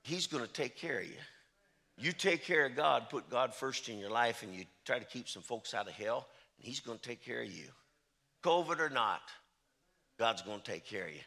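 A man's voice: medium pitch, lively intonation, moderate pace, long pauses, pushed and bright. A middle-aged man, a traveling preacher, telling folksy stories in a sermon and often repeating "I said" and "he said". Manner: chatty, storytelling, repeats "I said" and "he said".

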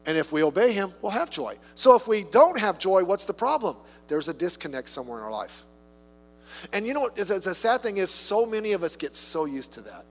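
A man's voice: high voice, sing-song, fairly quick, soft background music. A man preaching a sermon in a conversational way, with rhetorical questions and humorous asides. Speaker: pastor. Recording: long reverb from a hall.

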